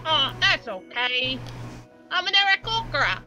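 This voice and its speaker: A man voicing an excitable young bird-person girl in a tabletop game, in a very high squeaky voice with an odd mixed accent. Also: measured pace, faint music behind, heavily acted. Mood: cheerful. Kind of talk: tabletop role-play voicing.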